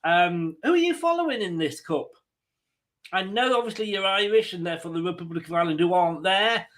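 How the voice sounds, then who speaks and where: A bit bright and high, his expressive voice runs a little fast through a rough recording. This Englishman hosts a football watchalong livestream, joking casually and greeting viewers by name as he reads their comments.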